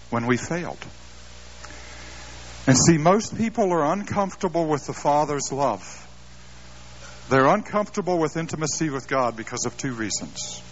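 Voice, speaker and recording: A middle-aged man preaching a sermon, telling stories with self-deprecating humor and an animated delivery. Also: mid-range voice, slight background noise. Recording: dull lo-fi live sermon tape.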